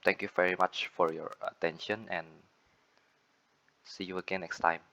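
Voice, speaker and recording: A man's voice: sits low, little pitch movement, moderate pace, pushed and bright, muffled recording. A young man with an Indonesian accent giving a student class presentation on word stress, repeating example words and correcting himself as he goes. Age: young adult.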